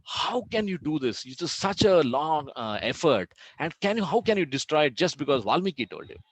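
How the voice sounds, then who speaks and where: A man's voice: fairly high pitch, very animated, moderate pace, pitched above the performer's own voice. A male teacher voicing an older, earnest and anxious male sage in a retold scripture story. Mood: shocked.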